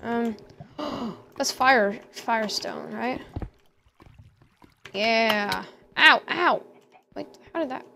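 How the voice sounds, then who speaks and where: A woman's voice: a little high, very slow, vocal fry, pauses often, bright, forceful tone, slight background noise. A woman giving casual let's-play commentary, talking to herself and squealing at danger. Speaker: gamer.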